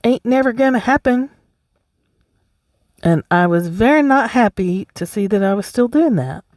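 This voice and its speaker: A woman's voice: fairly high pitch, lively intonation, normal speed, a little mellow, dry recording, studio quality. Blunt, profane woman podcaster. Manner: blunt, profane, emphatic, laughs often. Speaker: podcast host. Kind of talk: casual solo podcast talk.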